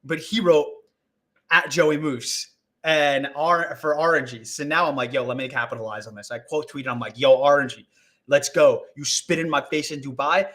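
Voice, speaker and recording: A young man telling a rambling story as a guest on a live video call, animated and full of swearing and acted-out quotes. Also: fairly high pitch, moderate pace. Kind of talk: casual storytelling on a live stream.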